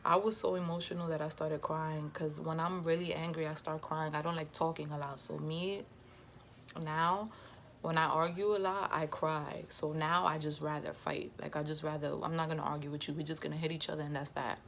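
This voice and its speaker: A woman's voice: deep voice, little pitch movement, a little fast, gravelly, a bit bright, slight background noise. A young adult woman vlogger telling a personal story in a candid, emphatic way, full of slang. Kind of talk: storytime vlog.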